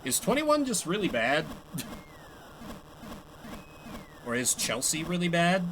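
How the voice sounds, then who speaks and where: Commenting live as he plays a game, a young streamer keeps up casual, self-mocking chatter punctuated by frequent laughter. He talks slowly in a slightly high voice with huge pitch swings, and there's background noise.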